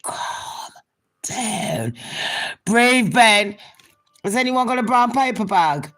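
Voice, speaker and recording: A woman's voice: fairly high pitch, animated, slow pace, a bit bright. A woman giving a sweary, mocking commentary vlog, laughing at her own jokes. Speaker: commentary vlogger.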